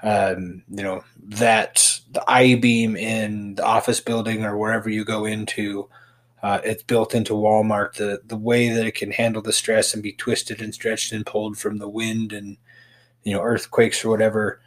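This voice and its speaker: Man podcast host, deep-ish voice, halting, lots of ums. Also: little pitch movement. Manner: halting, with many fillers and restarts. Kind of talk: casual podcast chat.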